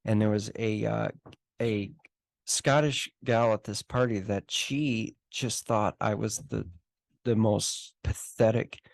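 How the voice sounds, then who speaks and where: Gravelly low-voiced American man. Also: fairly even intonation, slow, no echo. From United States. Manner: rambling storyteller, swears casually. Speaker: podcast co-host. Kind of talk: casual chat.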